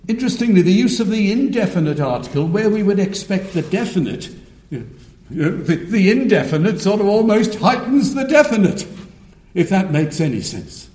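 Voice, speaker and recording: A man preaching a sermon, measured and emphatic, with frequent restarts. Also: high-pitched, sing-song, a little mellow, echoey room.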